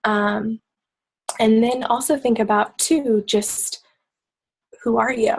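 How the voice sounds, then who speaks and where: Woman coach, husky, kept low and soft, casual team-call pep talk. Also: steady tone, slow pace, poor audio. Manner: talking softly and low to keep quiet.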